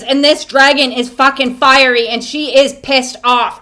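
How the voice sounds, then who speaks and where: A woman's voice: sits high, fairly even intonation, measured pace, hardly any pauses, sharp tone. A woman doing an oracle card reading in a casual vlog, talking in a blunt, profane, emphatic way. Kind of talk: casual spiritual vlog chat.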